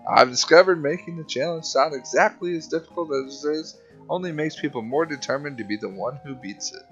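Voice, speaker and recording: Man doing a folksy carnival barker clown, smooth sales patter, muffled audio, faint music. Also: fairly high pitch, fairly quick, pitched above the performer's own voice, lightly acted. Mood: sales pitch. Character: folksy male shooting-gallery clown barker.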